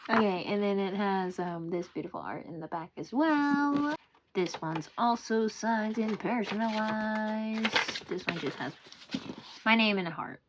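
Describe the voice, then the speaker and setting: A young woman showing off her book collection in a casual, excitable, rambling vlog at home. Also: medium pitch, a little slow. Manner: excitable, gushing, giggly, rambling. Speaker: book vlogger. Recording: noisy home recording.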